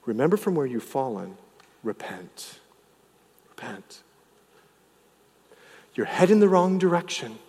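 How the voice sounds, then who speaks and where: Animated preacher man in an echoing hall. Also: medium pitch, a little slow, pauses often, breathy edge. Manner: dramatic swings from loud to hushed. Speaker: pastor. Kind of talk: sermon.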